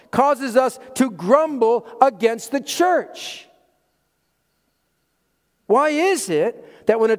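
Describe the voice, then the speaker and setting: A man preaching a sermon as pastor, swinging from loud emphasis to hushed asides and chuckling at his own jokes. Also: very high-pitched. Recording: long hall reverb.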